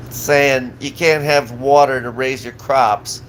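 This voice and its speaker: A man streams live, ranting in a profane, agitated voice. He rambles and restarts his sentences constantly, his pitch sitting in a plain middle range for a man. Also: fairly even intonation, slow, slight background noise, poor audio. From Southern California.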